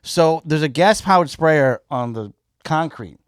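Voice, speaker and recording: A man with a Chicago accent telling a profane work story in a casual, animated way and acting out both sides. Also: a little high, unhurried, clear, resonant tone, no room sound, studio quality. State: high. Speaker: comedian guest.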